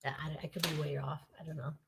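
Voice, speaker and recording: A woman's voice: low voice, level tone, fast, vocal fry, heavy background noise. A woman taking part in a livestreamed recovery meeting, chiming in with playful, teasing remarks. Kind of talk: casual chat.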